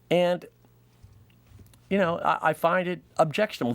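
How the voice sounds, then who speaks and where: A man's voice: medium pitch, no room sound. American guy doing a rambling comic rant, laughs at his own bits, dry close sound. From United States. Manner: rambling, self-amused, laughs at own jokes. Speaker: comedy show host. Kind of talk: comic monologue.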